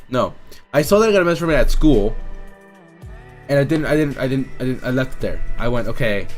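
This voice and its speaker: Excitable swearing young man vlogger. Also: medium pitch. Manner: excitable, swears a lot, loud bursts of disbelief; anxious, stammering restarts. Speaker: vlogger telling a story. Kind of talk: casual story-time monologue.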